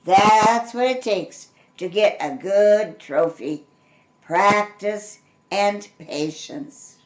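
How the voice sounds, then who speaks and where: An older woman voicing a patient mother bear in a storybook, slow and instructive. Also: mid-range voice. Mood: wise. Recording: roomy echo.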